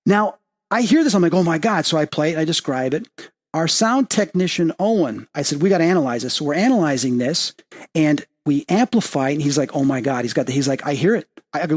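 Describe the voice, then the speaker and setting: Speaking fairly quickly, a man who hosts a podcast and works as a medium shares an animated story in a relaxed interview. His excitement builds as he goes, and his voice rises in pitch as he lively quotes people and emphasizes things.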